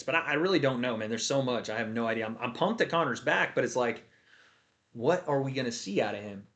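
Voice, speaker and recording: Bright-voiced, excitable stream host, a man. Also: medium pitch. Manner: excitable, talkative, swears freely. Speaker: livestream host. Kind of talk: casual livestream commentary.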